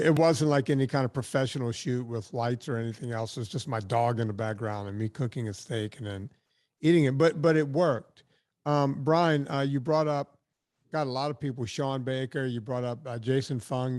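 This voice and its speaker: A man's voice: mid-range voice, normal speed, a little mellow. A man talking as a filmmaker and podcaster guest, telling stories in a chatty, blunt way with casual swearing. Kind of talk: casual storytelling interview.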